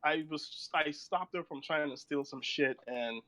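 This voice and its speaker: A man's voice: on the high side, unhurried, pushed and bright. A man in his thirties chatting casually, telling rambling stories and laughing often. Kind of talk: casual chat.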